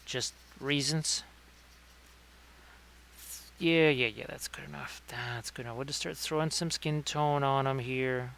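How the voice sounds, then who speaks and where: A man's voice: mid-range voice, steady tone, a little slow, gravelly, pauses often, fairly bright tone, slight background noise. A man hosting a casual livestream painting tutorial, chatting with viewers by name between painting tips. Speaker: miniature painting streamer.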